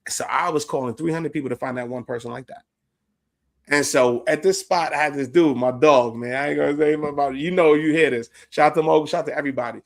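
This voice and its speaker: A man's voice: on the high side, fast talker. A man hosting a podcast, telling a story in a casual, profane way with plenty of laughter.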